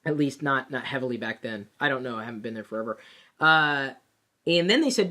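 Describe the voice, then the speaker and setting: A woman telling a personal work story in a casual, animated way, with plenty of fillers and restarts. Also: a bass voice, a little fast. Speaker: vlogger.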